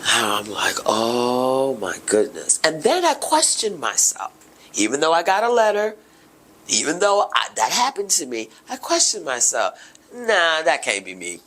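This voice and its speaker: Husky woman, middle-aged, talking emotional and fired up, voice jumps all over. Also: very deep voice, huge pitch swings, a little slow. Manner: emotional, impassioned, swings between hushed and loud. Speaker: podcast host. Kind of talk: personal testimony.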